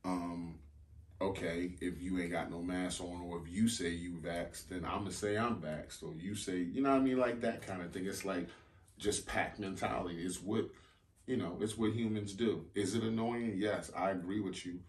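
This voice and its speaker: Deep-voiced man in slangy casual chat. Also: moderate pace, echoey room, distant mic. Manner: loose, slangy and joking. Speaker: podcast co-host.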